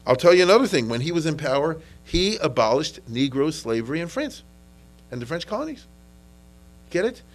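A man's voice: a little high, sing-song, fairly quick, faint music behind, poor audio. A man giving an informal history lecture in a conversational way, often checking that listeners follow and repeating words as he restarts. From United States. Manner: conversational, checks in with "okay?" and "you understand?"; frequent restarts and repetitions.

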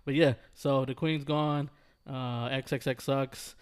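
Man, mid-pitched, teasing, casual podcast host. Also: steady tone, slow, clean tone. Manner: joking, teasing, says "dog". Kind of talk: casual chat.

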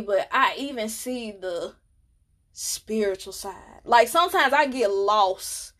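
A woman's voice: fairly high pitch, fairly bright tone. A woman podcast host, talking in an earnest, emotional way that often drops almost to a whisper. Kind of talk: reflective monologue.

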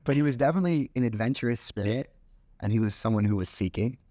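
A man co-hosting a podcast, talking through scripture in a relaxed, rambling way with frequent fillers. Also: medium pitch, fast talker, dry recording. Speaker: podcast co-host. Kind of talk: casual chat about scripture.

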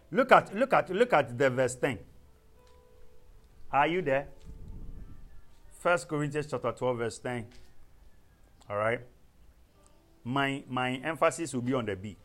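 A man's voice: mid-range voice, unhurried, pauses often, faint music behind. A man teaching a sermon on prayer, calling out questions to the congregation and breaking into tongues. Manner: animated, calls to the congregation, bursts into speaking in tongues. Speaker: preacher.

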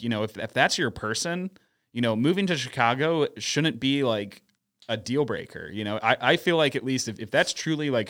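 A man's voice: medium pitch, a bit bright. Rambling male podcast co-host. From St. Louis. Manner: rambling, lots of restarts and hedging fillers. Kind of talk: casual podcast chat.

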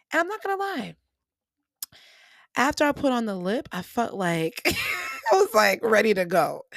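In clean studio sound without echo, a podcast host speaks in a medium pitch. She's a young adult woman giving casual motivational talk, lively and chatty, addressing her audience as y'all.

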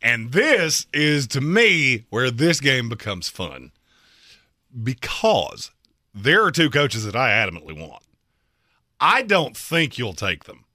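Bright-voiced, lively male sports co-host. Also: medium pitch, no echo, studio quality. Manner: emphatic, opinionated, quick jokes. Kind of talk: casual sports debate.

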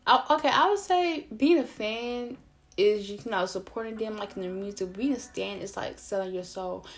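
A woman ranting, profane and animated, rambling with lots of fillers and self-interruptions. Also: mid-range voice, moderate pace. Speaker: vlogger. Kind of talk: casual opinion rant to camera.

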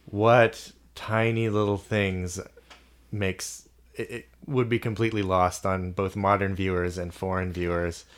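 A man's voice: sits low, little pitch movement, unhurried. A man co-hosting a podcast, reflective and loose as he talks about film, with occasional swearing. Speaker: podcast co-host. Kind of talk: casual film discussion.

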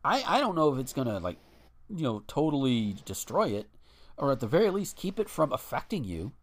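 A man's voice: medium pitch, big pitch swings, brisk. A man hosting a podcast in casual chat, rambling and profane with frequent restarts.

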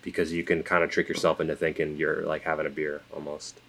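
Man, very low voice, podcast co-host, laid-back, dry. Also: little pitch movement, fast talker, a bit bright. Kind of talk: casual podcast chat.

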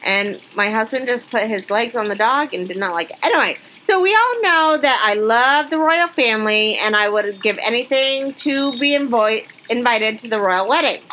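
A woman co-hosting a podcast, chatting casually and reading funny news stories aloud with lively exclamations. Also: on the high side, moderate pace, hardly any pauses, a little hiss or hum, low-quality recording. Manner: chatty, animated, reacts with exclamations. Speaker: podcast co-host.

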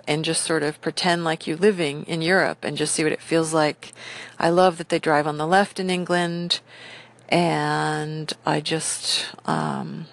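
A middle-aged woman talking casually in a rambling, enthusiastic monologue full of fillers. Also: low voice.

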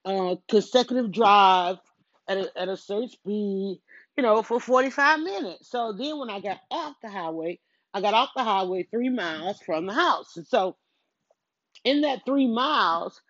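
A woman's voice: mid-range voice, animated, normal speed, fairly bright tone, no echo, lo-fi sound. A middle-aged woman, talking casually and rambling while she does chores at home, interrupting herself and acting out her own thoughts. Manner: chatty, self-interrupting, storytelling with quoted self-talk. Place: at home, moving between rooms. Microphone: headset.

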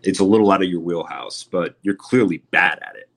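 A man's voice: sits low, fairly quick, a bit bright. A man co-hosting a podcast, chatting casually with stammering restarts. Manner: hesitant, laughing, dismissive. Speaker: podcast co-host.

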